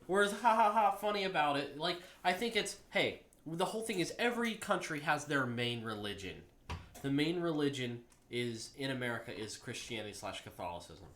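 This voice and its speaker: A woman's voice: deep voice, expressive, a little fast, a little hiss or hum. A woman chatting casually with a friend in a home kitchen, opinionated and joking. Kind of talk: casual chat.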